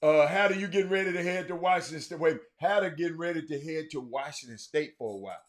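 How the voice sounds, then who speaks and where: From a room at home, a man hosts a sports talk stream, chatting loosely and calling out viewers by name in casual live-stream fashion. His voice is on the high side and fast.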